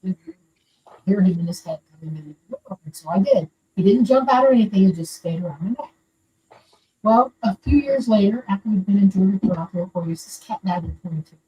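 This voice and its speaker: An older woman from Florida, USA, calls in to tell a personal story in an earnest, rambling, casual way. Her medium-pitched voice is animated, warm, and fairly quick. The audio is dull, from a distant mic with faint background noise.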